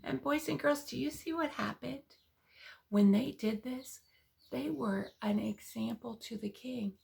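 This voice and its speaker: A woman teaching preschoolers a Bible story and verse, speaking directly to the children in a sing-song, coaxing way and often dropping to a soft hush. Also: on the high side, unhurried, vocal fry. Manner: drops to a soft hush for emphasis.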